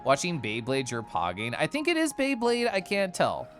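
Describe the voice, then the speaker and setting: A man's voice: a little high, wildly swooping pitch, moderate pace, a bit bright, soft background music. A man livestreaming and chatting casually with his viewers, playful and teasing, often giggling. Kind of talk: casual chat with stream viewers.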